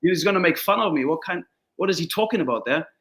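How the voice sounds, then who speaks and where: An actor whose first language is Turkish chats in a casual interview, telling stories with animation and acting out the voices of the people in them. He speaks quickly in a high voice.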